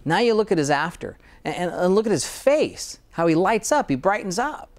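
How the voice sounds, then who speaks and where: A man with a fairly high voice talks as a dentist guest on an interview show. He sounds earnest and enthusiastic, and he often restarts his sentences as he speaks. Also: big pitch swings, normal speed. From Utah, USA. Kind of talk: interview conversation.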